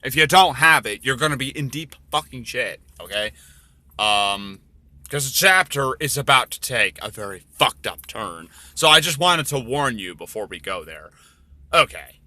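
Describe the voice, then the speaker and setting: A man's voice: mid-range voice, lively intonation, normal speed, pushed and bright, no room sound. A man reading his own story aloud, with rambling, profane, offhand commentary between passages.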